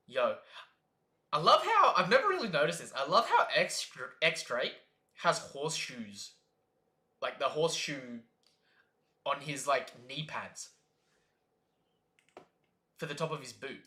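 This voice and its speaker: A man's voice: a little high, very animated, a little slow, long pauses, bright, forceful tone, roomy sound. A man streaming a live reaction, chatting casually and reading comic panels aloud in exaggerated voices.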